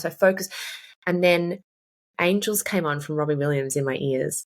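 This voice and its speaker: A woman's voice: low voice, normal speed. A woman in her thirties, a fitness coach and podcast guest, candidly and emphatically telling a personal story, swearing freely. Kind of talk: casual chat, personal storytelling.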